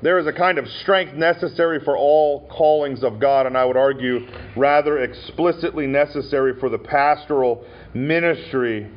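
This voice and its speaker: A male pastor from Montana, medium-pitched and speaking at normal speed, preaches at an ordination ceremony in a church sanctuary. He tells stories full of fillers and restarts, captured on a dull, lo-fi church recording.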